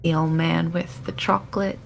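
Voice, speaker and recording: A woman's voice: low-pitched, little pitch movement, normal speed, creaky, slight background noise. A woman playing a tabletop role-playing game, chatty and hesitant, over an online call. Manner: chatty, hesitant, lots of fillers. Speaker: player. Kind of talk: casual tabletop role-play.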